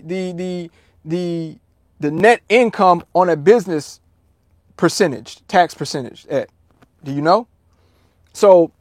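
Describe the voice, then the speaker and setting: A man hosting a casual livestream, talking to his chat in an animated, profane, repetitive way. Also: fairly high pitch, no room sound, clean studio sound. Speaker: livestream host answering chat.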